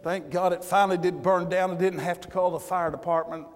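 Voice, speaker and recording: Fired-up preacher guy, kinda high voice, big echoey church hall. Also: fairly even intonation, brisk. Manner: repeats words, shouts in bursts. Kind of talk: fiery sermon. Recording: church hall with long reverb.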